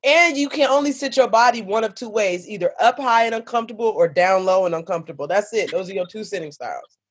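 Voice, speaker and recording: A woman's voice: medium pitch, fast, slightly rough. A woman co-hosting a casual podcast, telling a funny story in a laid-back, wry way. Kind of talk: casual chat.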